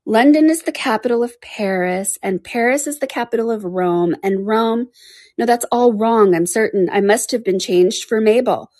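A woman's voice: fairly high pitch, moderate pace, a little mellow, no room sound, clean studio sound, natural voice. A woman voicing Alice, a curious and flustered little girl who chatters to herself in a storybook reading.

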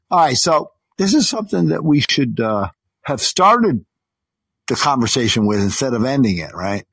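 Husky-voiced rambling New caller. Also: male voice, mid-range voice, sing-song, a little slow, pauses often, fairly bright tone, dry recording. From New York. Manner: rambling, stops himself mid-sentence, swears. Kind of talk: heated call-in argument.

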